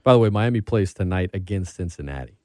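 A man's voice: sits low, fast talker, no room sound, clean studio sound. A man hosting a casual sports talk show, rambling and getting worked up as he talks. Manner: animated, rambling, gets worked up. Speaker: podcast host.

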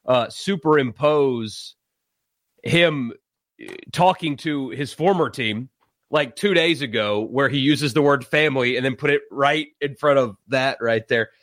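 A man from South Carolina, hosting a casual live sports talk stream, animated and exasperated. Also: mid-range voice, measured pace, no echo, clean studio sound. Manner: animated, exasperated, laughs and sighs.

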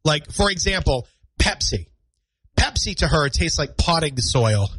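Morning radio host, man in his thirties with a congested nasal cold voice, a bit high, dry close studio sound, chatty and self-mocking. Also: sing-song, a little slow, fairly bright tone, slightly rough, dry recording, poor audio. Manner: chatty and self-deprecating, rambling. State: stuffy nose and scratchy throat from a cold. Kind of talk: solo morning radio talk. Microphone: studio microphone.

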